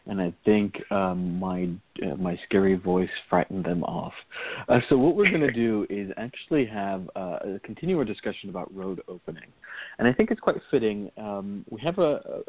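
A man co-hosting a call-in radio show, explaining things in a measured way with many fillers. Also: fairly low pitch, expressive. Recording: tinny phone-line audio.

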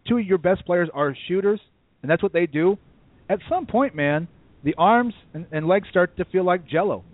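A man's voice: a little high, no echo. A man co-hosting a sports talk show, arguing his opinions in casual chat. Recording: dry, tinny phone-like audio.

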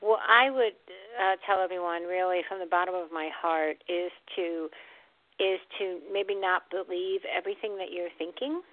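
Lower-voiced woman on a dry phone line. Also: fairly even intonation, normal speed, no echo. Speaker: reverend and co-author. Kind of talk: phone interview answer.

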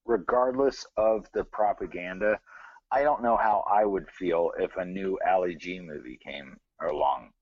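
A man's voice: sits low, measured pace, no echo, lo-fi sound. A man from the American South, co-hosting a podcast in loose, profane casual chat full of fillers. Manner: rambling, profane, many fillers. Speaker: podcast co-host.

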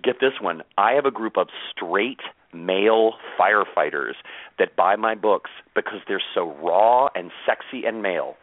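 A man, an author, telling anecdotes in an interview with animated energy and frequent laughs. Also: lowish voice, no room sound. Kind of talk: conversational storytelling interview. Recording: tinny phone-like line, dry.

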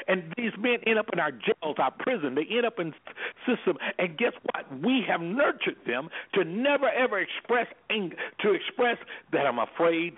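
An anger management specialist calls into a radio show as a guest, and the audio carries the quality of a phone line. His high, slightly rough voice delivers impassioned, preacherly talk with strong emphasis, and he dramatizes the voices he quotes.

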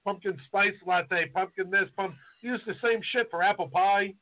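A man's voice: high voice, moderate pace. A man co-hosting a podcast in casual chat, rambling and trailing off mid-thought. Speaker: podcast co-host. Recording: tinny phone-like sound.

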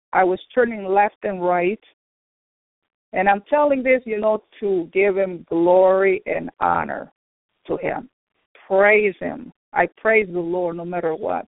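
Woman testifying slowly and earnestly over a thin, dry phone line. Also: medium pitch, dry recording. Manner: earnest, repetitive, addresses brothers and sisters. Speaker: radio program speaker. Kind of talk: personal faith testimony.

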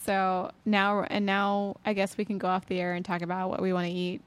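A woman's voice: medium pitch, completely flat delivery, brisk, clear, resonant tone. A woman co-hosting a casual talk show, chatty and laughing often. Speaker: co-host. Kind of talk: casual chat.

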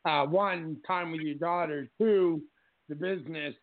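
A man's voice: fairly high pitch, steady tone, measured pace, no room sound. A man co-hosting a wrestling talk show, hyped up and effusive as he introduces and praises his partner. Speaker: co-host. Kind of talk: casual chat. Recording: tinny phone-like line.

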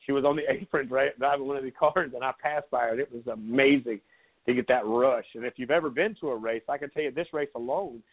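A South Carolina sports talk host in his forties tells rambling, sarcastic stories in a casual live chat, laid-back in manner. His mid-range voice moves at a quick pace over a tinny, phone-like line.

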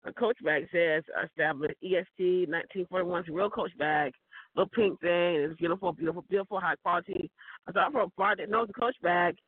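A woman with a cold, sounding hoarse, chatting in a rambling casual monologue. She repeats words and chuckles often. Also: lowish voice, fast talker, no echo. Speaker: vlogger. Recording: tinny phone-like dry recording.

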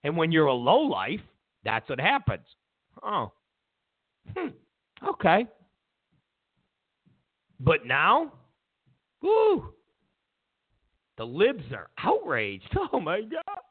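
A man hosting a political commentary show rants sarcastically and mockingly, mimicking his opponents and stumbling over restarts. His voice is a little high with wildly swooping pitch, very slow, and he pauses often. The sound is tinny and lo-fi, like a phone.

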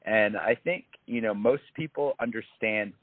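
A man's voice: lowish voice, a little slow, no echo. A man, an actor from Canada, chatting easily in a casual interview over a video call, with plenty of fillers and restarts. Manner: easygoing, lively, full of fillers and restarts. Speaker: actor guest. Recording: tinny phone-like call audio.

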